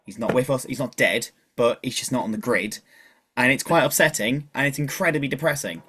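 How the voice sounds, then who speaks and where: A man's voice: mid-range voice, a little fast, sharp tone, slightly rough. A man chatting casually as a podcast guest, talkative and self-deprecating. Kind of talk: casual chat.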